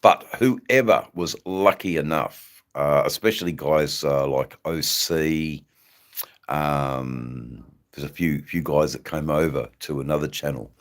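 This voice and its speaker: A man hosting a live stream, chatting casually with viewers in a rambling, halting way. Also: a bass voice. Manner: rambling, halting, many ums and restarts.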